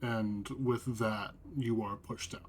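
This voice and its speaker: Slow-paced male game master. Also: lowish voice, level tone, darkish tone, slight background noise. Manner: slow, halting descriptive narration. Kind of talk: narrating a tabletop game.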